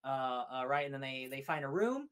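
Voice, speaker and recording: A young man co-hosting a casual podcast review, animated, recapping scenes and acting out quotes. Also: mid-range voice, a little fast, clean tone. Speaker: podcast co-host.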